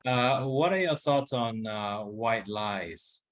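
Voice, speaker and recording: A man's voice: mid-range voice, slow pace. A man hesitantly asks a question at a dharma Q&A, full of fillers and restarts. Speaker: student asking a question.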